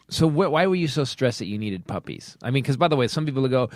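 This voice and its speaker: A man's voice: mid-range voice, lively intonation, fast, no room sound, clean studio sound. A middle-aged man hosting a comedy podcast, teasing and laughing through casual banter. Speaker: podcast host.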